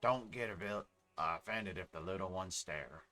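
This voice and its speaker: A man's voice: deep voice, normal speed, bright, forceful tone, soft background music. A man voicing a friendly middle-aged village fisherman, talking in a plain, homely way. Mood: warm.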